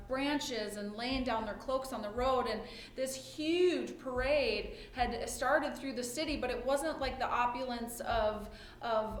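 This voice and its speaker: A woman's voice: fairly high pitch, slight background noise. Woman preaching conversationally in an echoey room. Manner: conversational, asks "right?" often. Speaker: pastor. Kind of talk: sermon. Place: church or home during lockdown worship. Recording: echoey room with faint ambience.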